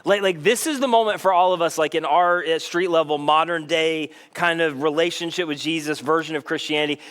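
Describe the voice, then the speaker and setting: A man with a fairly high voice preaches in a relaxed, everyday way. He is animated and keeps slipping into little acted-out dialogues to make his points. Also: fairly quick, clear, resonant tone. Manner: casual, animated, acts out dialogue. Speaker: pastor. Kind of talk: conversational sermon.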